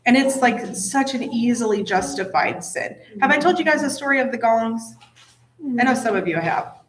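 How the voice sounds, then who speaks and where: A woman hosting a casual Bible study chat, telling stories with lively asides. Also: fairly high pitch, normal speed. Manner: chatty storytelling, animated asides. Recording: echoey room, faint noise.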